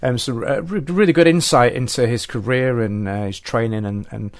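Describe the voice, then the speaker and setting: A man's voice: medium pitch, normal speed, no echo. A man hosting a podcast, upbeat and encouraging as he chats with his guest and wraps up the show. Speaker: podcast host. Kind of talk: casual chat.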